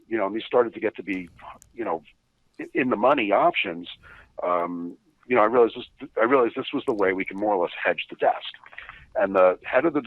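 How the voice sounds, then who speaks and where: A low, husky-voiced man tells animated, profane stories as a podcast guest, his pitch swinging widely. The recording is dull, lo-fi and very dry. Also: no room sound. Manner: animated, profane, laughing asides. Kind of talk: casual storytelling.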